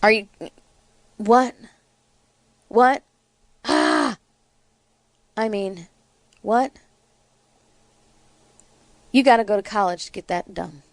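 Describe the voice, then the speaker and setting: Sarcastic, slow-talking woman commentator. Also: medium pitch, no room sound. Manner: sarcastic, indignant. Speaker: talk show host. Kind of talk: political commentary.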